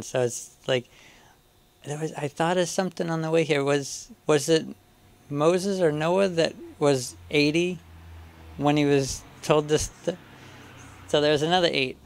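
Gravelly-voiced man giving a halting Bible teaching. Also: mid-range voice. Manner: halting, restarts often, chuckles to himself. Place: church.

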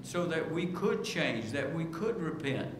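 A man preaching a sermon in earnest, repeating key words and rising in pitch as he pleads. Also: big pitch swings, unhurried. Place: church sanctuary. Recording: echoey church room with background noise.

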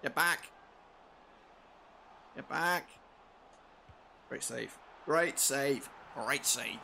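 A man commentating live on his football game, swinging from low mutters to shouted outbursts and swearing often. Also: drawn-out words, vocal fry, a little hiss or hum. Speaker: gaming channel host.

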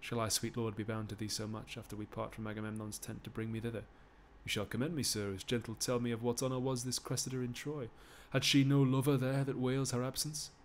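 A man reading Ulysses, a shrewd, courteous Greek counsellor with a measured, low delivery, in a live-streamed Shakespeare reading. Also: flat delivery, slight background noise, close to an everyday voice.

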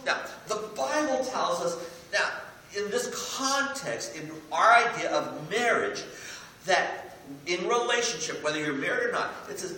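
A man in his fifties preaching a sermon as pastor, animated and joking as he speaks. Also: high voice, a little slow, a little hiss or hum. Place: church sanctuary. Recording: echoey church hall, mic from a distance, faint ambience.

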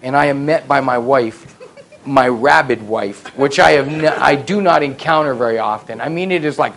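A middle-aged man preaching a sermon as pastor, telling family stories with self-deprecating humor and building to loud, emphatic peaks. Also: mid-range voice, moderate pace, a little hiss or hum. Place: church sanctuary.

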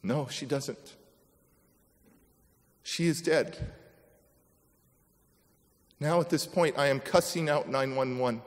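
A motivational speaker gives a speech in a large hall with long reverb, dramatically telling a personal story and acting out the people in it. His mid-range voice moves at a slow pace with long pauses.

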